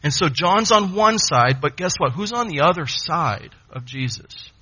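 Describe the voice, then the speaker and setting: A man preaching a sermon, emphatic, with dramatic pauses. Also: on the high side, expressive, pushed and bright, breathy edge, dull audio.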